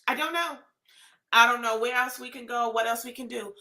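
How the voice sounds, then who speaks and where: Woman vlogger, high bright voice, impassioned pleading rant, echoey room. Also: brisk. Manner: pleading, emotional, rising to shouts. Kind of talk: impassioned personal rant to camera.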